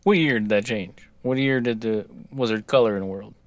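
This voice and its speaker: A man's voice: lowish voice, a little fast, no echo. A man co-hosting a podcast in casual chat, reading out a promo then joking along. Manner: reads promo text flatly, then joking banter. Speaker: podcast co-host.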